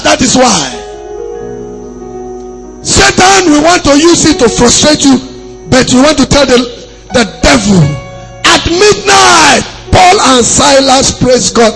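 A male preacher giving an emphatic sermon, repeating phrases and rising to shouts. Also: very high voice, gravelly, low-quality recording.

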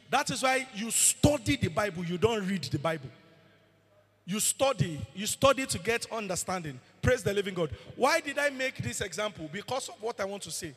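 Preacher guy, husky high voice, big echoey church hall. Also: fairly bright tone. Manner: emphatic preaching, asks the congregation questions. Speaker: pastor. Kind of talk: sermon. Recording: long hall reverb.

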